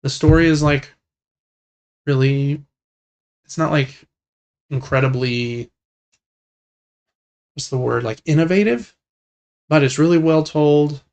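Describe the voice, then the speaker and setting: A man co-hosting a gaming podcast, chatting casually in a relaxed, rambling way with lots of fillers. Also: a little high, takes it slowly, gravelly, long pauses. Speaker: podcast co-host. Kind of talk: casual chat about video games.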